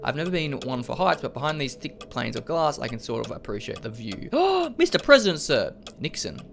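A young man giving excitable, jokey commentary as he plays a video game, often laughing. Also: medium pitch, fairly quick, creaky, background noise. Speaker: let's play host. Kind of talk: gaming commentary.

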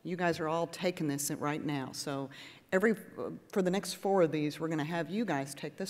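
A woman nurse practitioner giving a lively, conversational lecture to a patient audience and acting out exchanges with patients. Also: low-pitched, moderate pace. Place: conference hall with audience. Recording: echoey hall.

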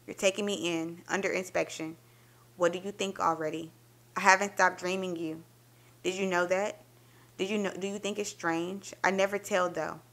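Woman, lowish voice, dramatic story reading, intimate first-person telling, expressive. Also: moderate pace. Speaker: book reviewer reading a story aloud.

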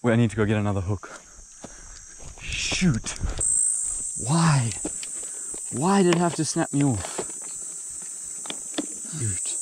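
Young man, casual fishing vlog, excitable, outdoors, faint background noise. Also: medium pitch, slow pace, long pauses. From Zimbabwe. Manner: excitable, exclaims and drops to murmurs. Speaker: angler vlogger. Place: outdoors at a small dam.

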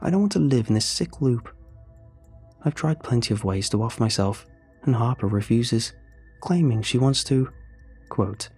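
Husky, mellow male horror narrator. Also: mid-range voice, lively intonation, moderate pace, long pauses, faint music behind.

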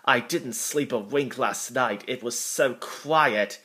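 A man's voice: mid-range voice, slow pace, pushed and bright. A man reading a storybook aloud and voicing a cross, stern policeman who scolds sharply.

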